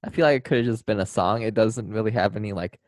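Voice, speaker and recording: Man, laid-back podcast co-host, quick talker, lower voice. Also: a little mellow, dry recording. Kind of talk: casual chat.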